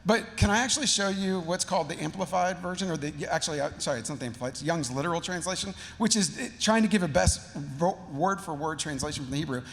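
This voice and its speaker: High, gravelly-voiced pastor preaching casually. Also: male voice, fast talker, few pauses, a bit bright, in a large hall. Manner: casual, slangy, conversational. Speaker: teaching pastor. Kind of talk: sermon. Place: church sanctuary.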